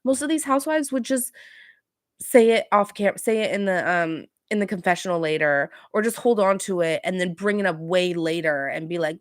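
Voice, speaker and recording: A woman's voice: on the low side, moderate pace, no echo, clean studio sound. Chatty woman dishing reality TV gossip. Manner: chatty, gossipy, sarcastic asides. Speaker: podcast host. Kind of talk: casual reality TV recap.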